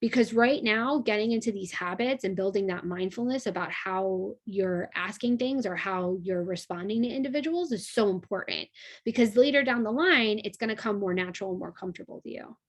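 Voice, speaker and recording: A woman's voice: mid-range voice, a little fast. A young adult woman teaching a class in a conversational way, with many fillers and frequent checks like "right?". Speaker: instructor.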